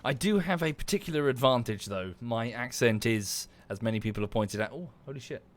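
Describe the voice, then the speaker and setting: Estuary english guy streaming a game, chatty, thanks chat by name, swears at stuff, average pitch. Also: animated, fairly quick. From southern England. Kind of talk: casual livestream commentary while gaming.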